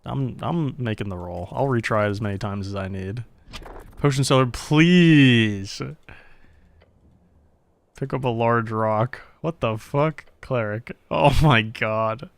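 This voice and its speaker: A man streaming a game, reacting with quick jokes, laughter and swearing. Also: lowish voice, gravelly, no room sound. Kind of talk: gameplay commentary.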